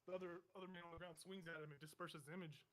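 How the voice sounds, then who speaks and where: A man's voice: on the high side, steady tone, very fast, a bit bright, slight background noise. A man narrating a tabletop game as game master, describing scenes vividly in a meandering way full of fillers.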